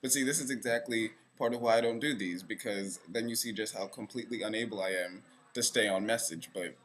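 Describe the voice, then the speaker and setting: A man's voice: fairly low pitch, brisk, fairly bright tone. A young man vlogging to camera in a rambling, self-deprecating way. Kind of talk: casual direct-to-camera vlog. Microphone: camera facing speaker.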